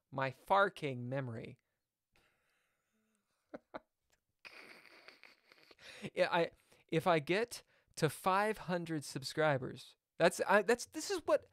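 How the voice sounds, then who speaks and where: A man's voice: high voice, fairly bright tone, dry recording, studio quality. Chatty man streaming chess. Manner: chatty, jumps between topics, reads chat aloud. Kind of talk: casual live-stream chat.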